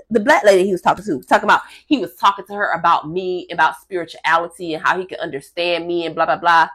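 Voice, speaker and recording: In a lowish voice, a woman walks her camera through a long personal story. She's casual and animated throughout, swears freely, and performs the voices of the people in the tale.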